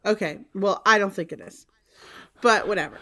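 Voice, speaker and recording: A woman co-hosting a live reselling stream from home chats casually, insisting on her point and spelling words out letter by letter. Her voice is medium-pitched and fairly bright, at a moderate pace.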